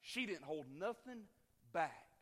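A preacher delivers his sermon in a high, bright voice. He tells his story with feeling, swinging between loud outbursts and near-whispers. The sound carries a long reverb, as if from a church hall. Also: big pitch swings, slow pace. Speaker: traveling preacher.

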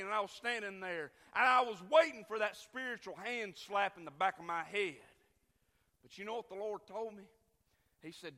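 A preacher delivers his sermon in a high, bright voice. He tells his story with feeling, swinging between loud outbursts and near-whispers. The sound carries a long reverb, as if from a church hall. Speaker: traveling preacher.

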